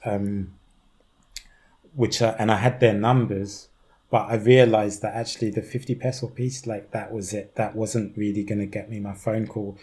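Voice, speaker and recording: A young man from East London with a London accent, a podcast guest telling a story in an animated way, laughing often and mimicking the voices of others. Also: lowish voice. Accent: London English. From East London, England. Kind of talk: conversational storytelling.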